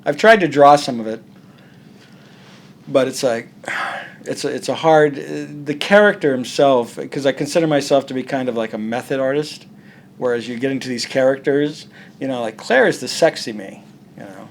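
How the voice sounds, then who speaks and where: A man's voice: medium pitch, normal speed, a little hiss or hum. A man, a comic artist, talking bluntly and profanely in a casual interview, acting out quoted dialogue.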